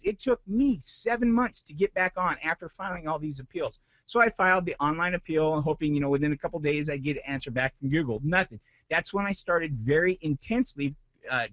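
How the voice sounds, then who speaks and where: A man's voice: fairly high pitch, fairly bright tone, no room sound, low-quality recording. A man, a business owner, giving a motivational talk to a group, retelling a frustrating story with rising intensity.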